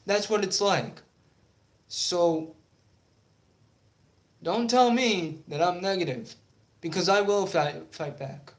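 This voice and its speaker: A young man rants about his team in an unhurried, halting way, full of ums and restarts. His voice sits fairly high. The room around him rings with echo. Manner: halting, many fillers, then heated and defiant. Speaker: YouTube sports channel host. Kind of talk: casual sports talk vlog. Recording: echoey room.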